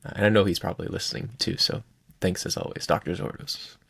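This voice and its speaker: A man with a deep, gravelly, slightly husky voice chats on a podcast. He is effusive and enthusiastic and laughs easily. The sound is dry and close. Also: steady tone, fairly quick, fairly bright tone, no room sound. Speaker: podcast co-host. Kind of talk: casual chat.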